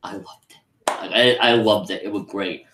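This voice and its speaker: A man giving a casual, rambling live anime review, excitable and full of restarts. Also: on the low side, normal speed, background noise. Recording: echoey room.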